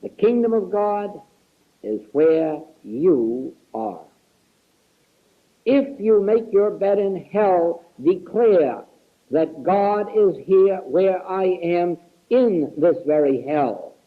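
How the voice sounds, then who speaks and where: A man's voice: sits high, animated, slow, phone-quality sound. A man giving an earnest spiritual lecture, stressing key words again and again, heard on an archival tape recording. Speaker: spiritual teacher.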